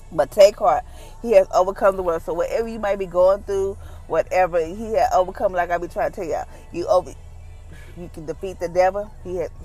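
Lady doing a laid-back devotional talk, chatty, acts out quotes, bit of soft music behind. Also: fairly low pitch. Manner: conversational, acts out quoted voices; informal, down-to-earth phrasing. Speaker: devotional speaker. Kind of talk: casual daily devotion.

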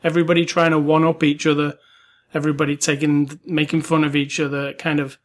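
A man's voice: fairly high pitch, little pitch movement, a little fast. A man co-hosting a weekly movie podcast, chatting casually with many fillers and restarts. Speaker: podcast co-host. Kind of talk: casual movie review chat.

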